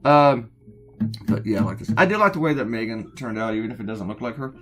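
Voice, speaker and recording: A man's voice: medium pitch, sing-song, fast, a bit bright. Rambling sarcastic cartoonist man, guitar behind. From United States. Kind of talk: casual chat while drawing.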